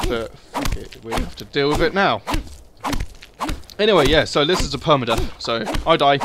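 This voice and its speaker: A man's voice: mid-range voice, very noisy. A young man giving casual, sweary commentary over a survival game, muttering asides to himself. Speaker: gaming video host.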